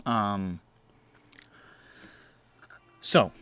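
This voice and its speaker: A man narrating a tabletop game as game master, unhurried, with many fillers and restarts. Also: lowish voice, a bit bright, clean tone.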